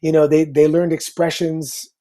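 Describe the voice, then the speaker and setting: A middle-aged man, a guest on a talk show, telling a story in an upbeat, casual way with quick asides. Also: a little high. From Canada. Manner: lively anecdote teller, upbeat, quick asides.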